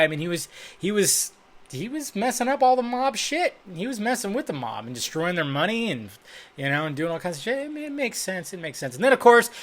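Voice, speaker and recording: A man's voice: fairly high pitch, sharp tone. A man vlogging about film news in a loose, rambling style, swearing freely, talking into a desk microphone in a dim room. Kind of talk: casual rambling commentary. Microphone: desk microphone, webcam.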